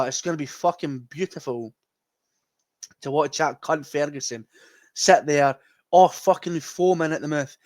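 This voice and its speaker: A man's voice: on the high side, dry recording. A Scottish man hosting a football fan podcast, delivering a heated, sweary, gloating rant. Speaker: podcast host. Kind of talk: ranting fan commentary.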